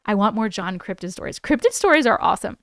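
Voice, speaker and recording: A woman's voice: mid-range voice, very animated, fast, fairly bright tone, dry recording, studio quality. A woman with a New York accent hosting a livestream, reading viewer stories aloud and chatting casually, swearing freely and laughing often. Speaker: livestream host.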